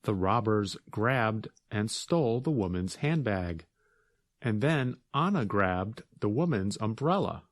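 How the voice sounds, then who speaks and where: A man co-hosting an English lesson, explaining words in a calm, slow and clear way. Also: lowish voice, no room sound, studio quality.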